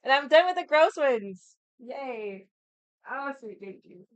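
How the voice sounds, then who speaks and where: Speaking slowly in a high-pitched, expressive voice with no echo, a young woman hosting a livestream chats casually and candidly, swearing freely and filling her talk with "like."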